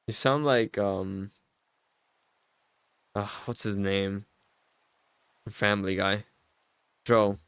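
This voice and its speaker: A man in casual gaming chat, deadpan and laid-back. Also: lowish voice, extremely slow, pauses often, clear, resonant tone, no echo. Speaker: gaming co-player.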